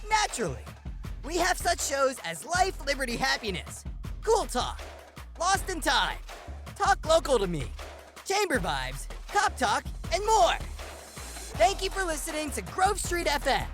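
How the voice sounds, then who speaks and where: A bubbly cartoon otter mascot, played by a woman, pitching a radio station in an ad. The voice sits high and swoops up and down with lively energy, and faint music plays underneath. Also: unhurried, exaggerated voice. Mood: perky. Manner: upbeat, bouncy sales pitch. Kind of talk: promotional radio ad.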